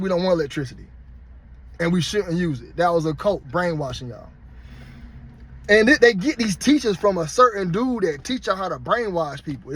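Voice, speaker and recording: Blunt, high-pitched man ranting. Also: fairly bright tone. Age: 30s. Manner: blunt, heated, profane. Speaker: vlogger. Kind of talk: casual rant to camera.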